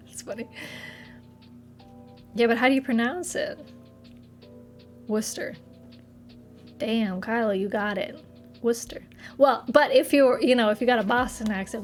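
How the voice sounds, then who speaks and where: Giggly young woman streamer, high voice. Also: unhurried, pauses often, soft background music. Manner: reads chat aloud, laughs often. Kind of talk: casual chat. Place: home streaming setup.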